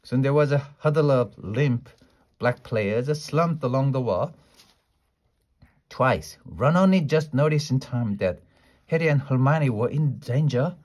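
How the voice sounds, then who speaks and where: Man slowly reading a storybook aloud. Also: mid-range voice, lively intonation, darkish tone. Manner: unhurried, with small slips and restarts.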